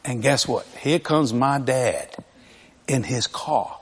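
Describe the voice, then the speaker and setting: Older preacher man, high voice bouncing all over, folksy funny stories, laughs a lot, long hall echo. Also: takes it slowly, slightly rough. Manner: animated, folksy, laughing through his stories. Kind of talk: humorous storytelling sermon.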